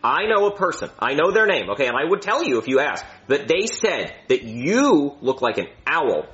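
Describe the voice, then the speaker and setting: Man playing a cranky swearing guy, high lively voice, muffled lo-fi. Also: moderate pace. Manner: swears, snaps back. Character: crass irritable grown man. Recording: muffled lo-fi audio.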